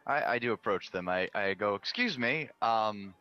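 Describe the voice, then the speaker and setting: A man's voice: on the low side, normal speed, clear, resonant tone, lo-fi sound, faint music behind. A man playing a tabletop game, asking curious questions in character. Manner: curious, asks many questions, lively. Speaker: player.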